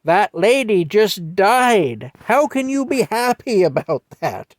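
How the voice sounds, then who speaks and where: A man voicing his earnest three-year-old self, scolding someone in a slow, reproachful way. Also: high-pitched, very animated, no room sound, voice pushed up, heavily acted. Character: earnest scolding little boy, three or four years old.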